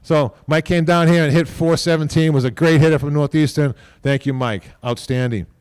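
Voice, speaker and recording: A man speaking at a podium microphone during an induction ceremony, rambling informally, repeating himself and tagging lines with a quick "okay?". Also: fairly high pitch, a little mellow, clear, resonant tone, dry recording, clean studio sound. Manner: repeats words and restarts often. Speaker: team executive giving induction speech.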